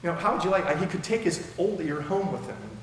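Speaking quickly in a high-leaning, sing-song voice, this man is a pastor working through scripture verse by verse in an expository sermon. His manner is conversational, and he likes rhetorical questions. Faint noise and heavy echo fill the large church hall where it was recorded.

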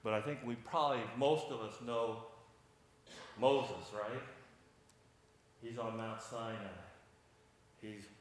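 A man preaching a sermon, animated, acting out the voices of the people in the story. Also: medium pitch, slow, long pauses, echoey room. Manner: animated, acts out voices of biblical figures.

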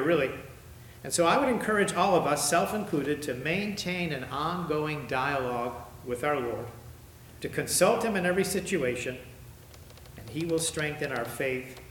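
A man preaching a sermon as pastor, emphatic, his voice climbing high when he reads verses. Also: fairly bright tone, slight background noise. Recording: echoey room with faint ambience.

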